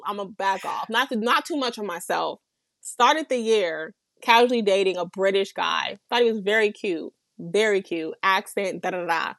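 A woman's voice: medium pitch, no echo. A young woman in casual chat, telling a vivid, profane story about her year.

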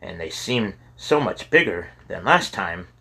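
A man voicing a fearful but proud young boy explorer, raising his voice to a higher, louder register for the boy. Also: big pitch swings, a little slow, vocal fry, breathy edge, heavily acted. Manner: raised higher voice, loud protests.

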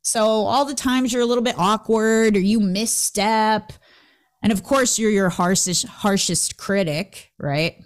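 A woman hosting a casual motivational talk, lively and laughing often as she acts out what people said. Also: medium pitch, unhurried. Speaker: host.

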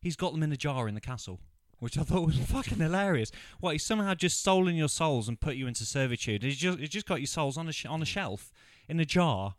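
A man's voice: fairly high pitch, expressive, fast, hardly any pauses, no room sound, clean studio sound. A man co-hosting a casual film review, recounting the plot with mocking asides and frequent laughter. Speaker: podcast co-host.

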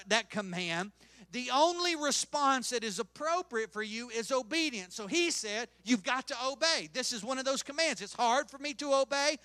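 A man's voice: very high voice, bright, forceful tone, dry recording. A male pastor preaching a sermon with emphatic, swelling delivery, acting out quoted prayers and speech.

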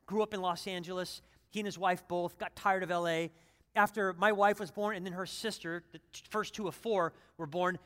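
Man, pastor, sermon, high voice, conversational then emphatic, long hall reverb. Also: fairly bright tone. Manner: conversational, builds to emphatic runs.

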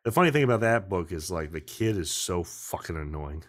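A man's voice: low voice, animated, brisk, a bit bright. A man hosting a podcast over a video call, rambling casually, swearing often and cutting himself off mid-sentence. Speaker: podcast host.

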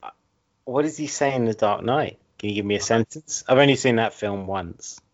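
A man's voice: medium pitch, moderate pace, dull audio. A man ranting and joking in casual podcast banter, swearing often and laughing a lot. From England. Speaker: podcast co-host.

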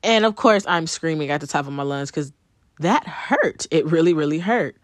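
A woman's voice: low voice, lively intonation, normal speed, dry recording, studio quality. A woman telling viewers a personal story in a conversational way, with frequent ums and repeated phrases. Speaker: vlogger telling her birth story.

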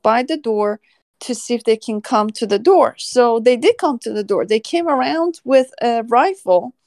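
A woman's voice: a little high, expressive, normal speed, a little mellow, no echo. A woman animal services officer telling a story casually on a podcast, often laughing as she talks.

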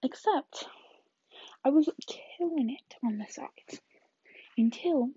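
An eighteen-year-old woman vlogs a rambling story in a chatty way, often slipping into whispered asides. Her high voice is warm and slow with lively intonation, though the audio is dull.

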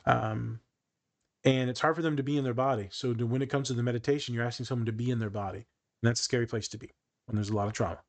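A man's voice: medium pitch, quick pace. A young man co-hosting a podcast as a therapist and meditation teacher, joking and swearing freely in casual chat. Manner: animated, joking, swears freely, does voices when telling stories.

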